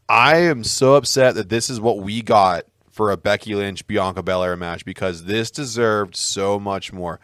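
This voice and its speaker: A man's voice: fairly low pitch, normal speed, few pauses, fairly bright tone, no echo, clean studio sound. A man co-hosting a casual podcast, ranting heatedly and emphatically with lots of swearing. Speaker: podcast co-host.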